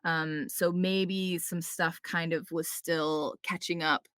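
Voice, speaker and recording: A woman voice actor, a guest on a podcast, chatting casually and telling quick anecdotes with playful quoted asides and lots of "like" and "um". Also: lowish voice, steady tone, a bit bright, clean tone, no echo, studio quality. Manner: frequent fillers like "like" and "um".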